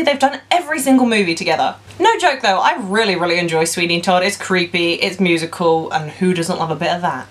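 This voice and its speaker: A young woman vlogging casually about films, gushing with enthusiasm and playful sarcasm. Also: medium pitch. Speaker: film vlogger. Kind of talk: casual vlog.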